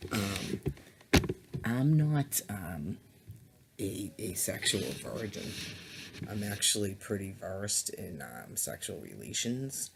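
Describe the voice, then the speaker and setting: A man vlogs on a laptop webcam mic, rambling through an indignant, disgusted monologue full of ums, stutters and restarts. His lowish voice has a sing-song lilt and vocal fry, he takes it slowly, and background noise is audible.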